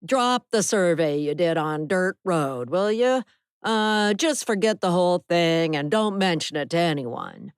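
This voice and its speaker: A woman's voice: fairly low pitch, animated, a little slow, clean tone, no echo, studio quality. A woman voicing a crooked, scheming man who blusters and bullies in an audiobook. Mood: wheedling. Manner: brash, blustering. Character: crooked scheming man, land-grabbing neighbor.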